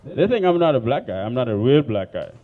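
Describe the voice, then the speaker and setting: Male stand-up comic, African accent, blunt profane delivery, lively pitch, slightly muffled club recording. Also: brisk, faint music behind. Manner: blunt, profane, animated storytelling. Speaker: stand-up comedian. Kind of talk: stand-up comedy set. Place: comedy club stage.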